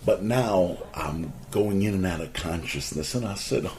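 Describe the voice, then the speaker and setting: A man's voice: deep voice, measured pace. A man telling his own life story as a monologue, earnest and a little preachy, whose voice jumps up sharply whenever he quotes someone. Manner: animated storyteller whose voice jumps up sharply when quoting people; earnest, preachy asides about life lessons. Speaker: former garden center owner telling a life story. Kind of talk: personal anecdote monologue.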